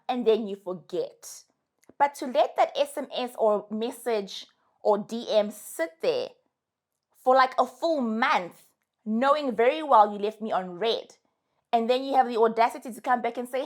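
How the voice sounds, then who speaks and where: In an unhurried, slightly high voice, a young woman with a South African accent advises her followers. The tone is casual, emphatic, animated and sassy.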